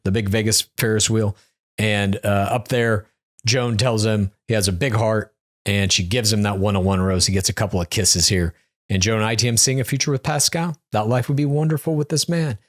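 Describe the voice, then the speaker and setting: A man's voice: on the low side, fairly even intonation, normal speed. A man co-hosting a podcast, recapping a reality show in a casual, joking way. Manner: joking, quotes cast members in silly voices. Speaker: podcast co-host.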